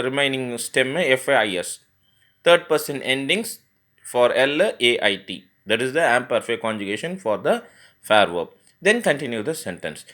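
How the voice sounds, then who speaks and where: Male tutor, mid-pitched, halting explainer who spells verbs out letter by letter. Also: a bit bright. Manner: spells words letter by letter, frequent fillers and restarts. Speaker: French teacher. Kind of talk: grammar lesson explanation.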